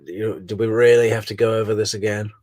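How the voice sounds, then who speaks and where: Exasperated low-voiced man commentator. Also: flat delivery, quick pace, darkish tone, slight background noise. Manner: exasperated, sarcastic, reads chat comments. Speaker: livestream host commenting on a trial. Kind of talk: casual live commentary.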